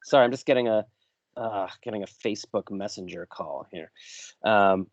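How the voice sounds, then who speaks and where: Self-interrupting and rambling, a man hosting a podcast interview spins long stories in a mid-range voice at a slightly fast clip. There's no room sound, and the recording is dull, dry and lo-fi.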